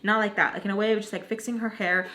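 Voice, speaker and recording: A young woman in her twenties spins a storytime for her channel, chatty and slangy, with "like" in almost every line. Her voice sits at an ordinary middle pitch for a woman. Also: fairly even intonation, fast talker, pushed and bright, a little hiss or hum. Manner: chatty, slangy, heavy use of "like". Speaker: vlogger. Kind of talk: storytime vlog.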